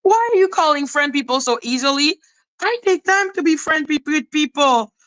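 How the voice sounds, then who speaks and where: High, bright-voiced woman ranting in disbelief. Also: animated, moderate pace, dry recording, poor audio. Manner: exasperated, profane, mocking; repeats questions in disbelief. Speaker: commentary channel host. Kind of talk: ranting reaction commentary.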